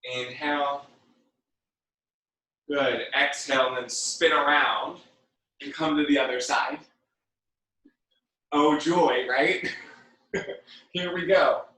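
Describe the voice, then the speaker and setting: A man guides a workout class at a slow, unhurried pace, his voice bright and somewhat high. He calls out calm breathing cues and slips in chatty, joking asides. The sound is very echoey, picked up by a mic some distance away in the room. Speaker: fitness and yoga instructor.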